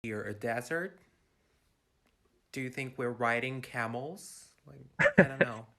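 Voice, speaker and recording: A man's voice: medium pitch, slow pace, fairly bright tone, slight background noise. Sarcastic young man from Turkey. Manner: exasperated, sarcastic. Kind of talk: casual storytelling on social media.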